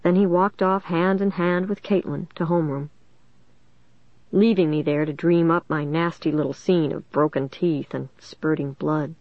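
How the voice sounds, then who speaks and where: Low-voiced woman narrating an audiobook. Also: fairly even intonation, normal speed, no echo, lo-fi sound. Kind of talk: first-person audiobook narration.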